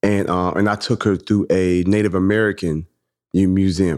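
A man's voice: deep voice, normal speed. A man in his thirties co-hosting a podcast, talking in a casual, reflective way and telling stories. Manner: reflective, storytelling with animated quoted voices. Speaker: podcast co-host.

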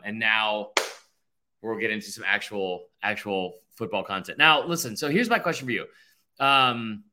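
Bright-voiced man in his thirties, rambling. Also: mid-range voice. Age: 30s. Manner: rambling, animated, self-interrupting with fillers. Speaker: podcast host. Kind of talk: casual sports podcast chat.

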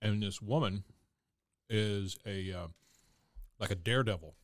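A man's voice: lowish voice, unhurried, no echo, clean studio sound. A man co-hosting a podcast, casually retelling a favorite movie scene with relish. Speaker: podcast co-host. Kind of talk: casual chat.

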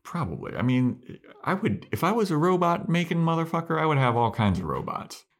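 A man's voice: fairly high pitch, a little fast, gravelly. A man co-hosting a podcast, recapping an episode in casual chat and acting out scenes. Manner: animated storyteller, acts out scenes. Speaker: podcast co-host.

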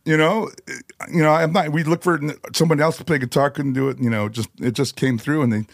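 A man's voice: on the high side, steady tone, fairly quick, vocal fry, no echo, clean studio sound. A man, a guest on a podcast, telling loose, rambling stories full of "you know" and "like" in casual conversation. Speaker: guest musician.

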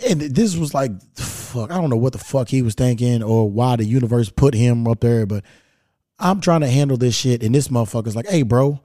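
A man hosting his podcast alone, telling a story in a laid-back, profane, animated way. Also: mid-range voice, brisk, no room sound, studio quality. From Louisville, Kentucky. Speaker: podcast host. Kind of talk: casual solo storytelling. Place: at home.

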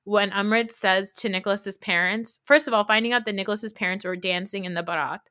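A woman co-hosting a podcast, chatting casually about reality TV, emotional and quick to laugh. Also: mid-range voice, steady tone, sharp tone. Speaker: podcast co-host.

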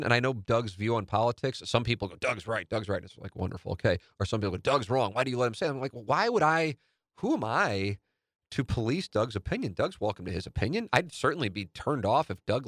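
A man's voice: fairly low pitch, dry recording, studio quality. A man hosting a radio podcast, talking in a casual, rambling monologue. He is blunt, swears now and then, and often restarts his sentences. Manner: rambling, with frequent restarts and stammers.

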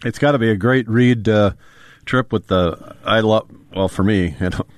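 Man, lowish voice, rambling host questions, dry close sound. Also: moderate pace, no echo. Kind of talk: casual interview.

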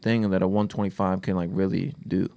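A man's voice: low voice, brisk. A young man co-hosting a podcast, chatting casually, laughing often and filling his talk with "like". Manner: animated, laughs often, lots of "like". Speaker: podcast co-host. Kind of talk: casual chat.

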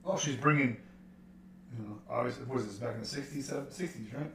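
A man's voice: medium pitch, fairly quick, far from the mic, slight background noise. A man co-hosting a casual true-crime podcast, adding laid-back, reflective comments. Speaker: podcast co-host. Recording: roomy recording.

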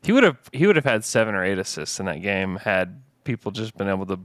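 A man's voice: low voice, big pitch swings, fast, a bit bright, no echo, clean studio sound. A man co-hosting a podcast in casual chat, rambling with hesitant restarts. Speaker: podcast co-host.

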